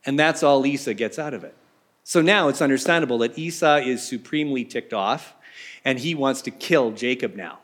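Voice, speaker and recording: A man's voice: medium pitch, normal speed, fairly bright tone. A man preaching a casual sermon as a pastor, telling the story in a chatty way with joking asides.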